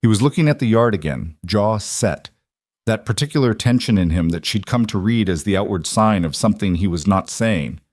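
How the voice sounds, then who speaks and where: Low-voiced male storyteller. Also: lively intonation, fairly quick, a little mellow, dry recording, studio quality. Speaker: narrator. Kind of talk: scripted audiobook narration.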